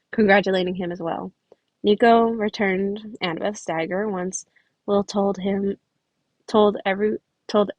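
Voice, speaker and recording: A woman reads a fan story aloud on a close home mic. She trips over words and restarts phrases, breaking off for chatty asides. The sound is completely dry, with no room echo. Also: medium pitch. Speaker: podfic reader. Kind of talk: reading fan fiction aloud.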